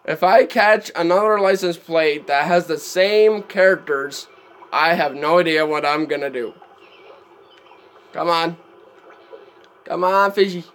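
A man's voice: on the high side, measured pace, pauses often, fairly bright tone. A man streaming live gameplay commentary, chatty and easily exasperated, laughing often at what happens on screen.

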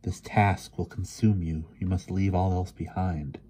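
A man reading aloud, voicing an ancient, gentle but firm sorceress spirit in a storybook. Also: low voice, steady tone, measured pace, breathy edge. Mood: solemn.

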